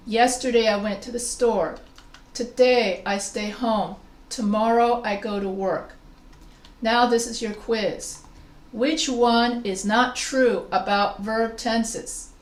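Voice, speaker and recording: A woman's voice: a little high, reverberant. A woman instructor giving a grammar lesson to an online class, explaining step by step and calling on students. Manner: explains slowly with examples, asks students questions. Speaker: writing instructor.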